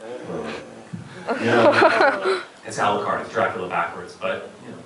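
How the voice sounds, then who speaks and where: A middle-aged man, a voice actor on a convention panel, talking in an articulate, animated way and laughing often. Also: on the low side, unhurried, vocal fry, a crowd in the background. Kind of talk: casual panel talk. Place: convention hall. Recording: echoey convention hall from far off.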